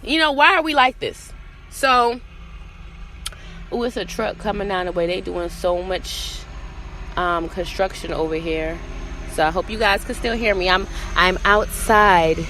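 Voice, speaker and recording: A woman's voice: fairly low pitch, fairly bright tone, slight background noise. A woman hosting a solo podcast outdoors, talking bluntly and profanely and hammering home rhetorical questions. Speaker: podcast host. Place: outdoors in morning sun.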